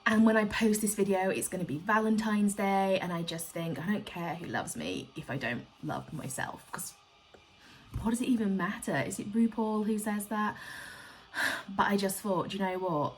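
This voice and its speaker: A woman's voice: medium pitch, moderate pace, a little hiss or hum. A young woman talking candidly to camera in an emotional, rambling, confessional vlog. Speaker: bullet journal vlogger. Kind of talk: candid personal talk to camera.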